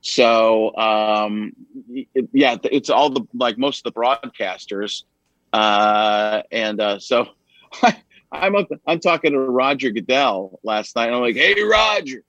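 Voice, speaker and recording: A man's voice: mid-range voice, measured pace, dry recording, muffled recording. A male comedian guest chatting casually on a talk show, telling stories, laughing often and slipping into voices. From based in Arizona. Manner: animated storyteller, slips into voices and laughs often.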